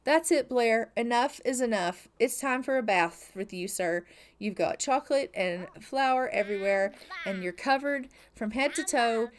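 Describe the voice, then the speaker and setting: A woman's voice: on the high side, lively intonation, measured pace, a little hiss or hum. A woman playing a tired, firm young dad. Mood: stern. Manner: stern, patient, parental.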